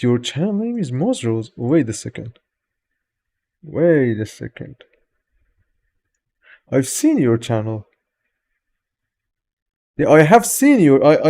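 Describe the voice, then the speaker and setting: A man with a Persian accent chats loosely on a live stream. He greets his viewers one by one and jokes and swears casually. His voice is warm and mellow, with a natural, mid-range pitch. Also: sing-song, unhurried. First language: Farsi.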